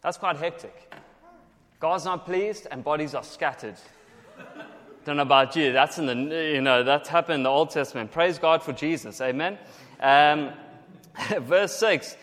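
Man, South African accent, preacher, joking and laughing, fairly high voice, long hall reverb. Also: unhurried, pauses often. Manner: jokey, lively, laughs between lines. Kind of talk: sermon with call-and-response scripture reading. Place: church hall. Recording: long echo of a large hall.

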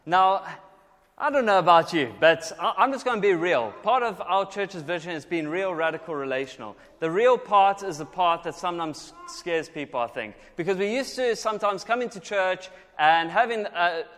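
A man from South Africa with a South African accent, preaching a jokey, lively sermon and having the congregation repeat scripture lines. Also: high-pitched, moderate pace. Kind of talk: sermon with call-and-response scripture reading. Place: church hall. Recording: long echo of a large hall.

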